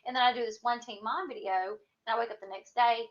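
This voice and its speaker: A woman's voice: a little high, steady tone, fast. A woman in her thirties with a Southern US accent, rambling through a casual livestream chat with lots of fillers and a country twang. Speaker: YouTube host. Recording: dull lo-fi sound.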